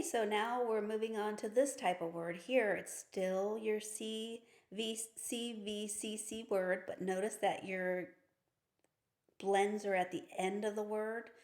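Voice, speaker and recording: A woman's voice: mid-range voice, darkish tone. A woman reading teacher showing step by step how to decode consonant blends, often checking in with "okay?". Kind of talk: instructional demonstration. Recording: echoey room.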